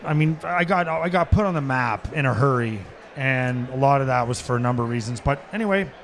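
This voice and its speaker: A middle-aged man from Canada, a podcast guest telling stories and acting out quotes, laughing and shouting at the punchlines. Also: mid-range voice, expressive, fairly quick. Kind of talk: animated storytelling. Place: sports bar, live taping.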